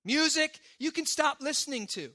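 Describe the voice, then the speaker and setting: Bright, high-voiced preaching man. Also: animated, normal speed. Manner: emphatic, conversational preaching with frequent "right?" asides. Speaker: pastor. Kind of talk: sermon.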